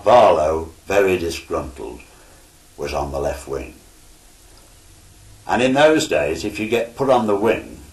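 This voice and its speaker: An older man, a retired footballer, telling stories from his playing days in a formal storytelling manner. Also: deep voice. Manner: formal storytelling with quoted dialogue. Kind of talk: reminiscing oral history. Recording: roomy interview recording.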